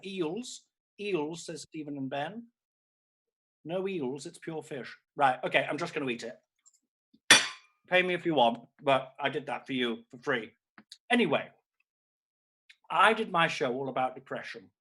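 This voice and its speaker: A man playing a husky, grandiose aging diva. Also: fairly high pitch, fairly bright tone. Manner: camp and theatrical, calls everyone darling. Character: aging theatrical diva woman, grandiose and needy. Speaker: comedian. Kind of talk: live-streamed comedy character act.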